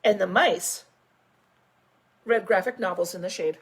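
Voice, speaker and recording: A woman school principal reading a picture book aloud to children, with animated storytelling and chatty asides. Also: medium pitch, unhurried, slightly rough. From United States.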